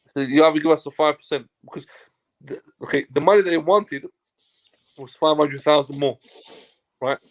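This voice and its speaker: A man from Turkey, a football agent appearing as a guest, tells a casual story with a fairly high voice at normal speed, broken by long pauses. Animated in his telling, he swears and acts out the dialogue of others.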